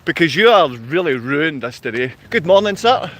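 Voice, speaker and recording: A man ranting angrily at his viewers in a livestream, insulting and yelling at them. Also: a little high, big pitch swings, moderate pace. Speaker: vlogger. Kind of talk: angry livestream rant. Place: outdoors in his town.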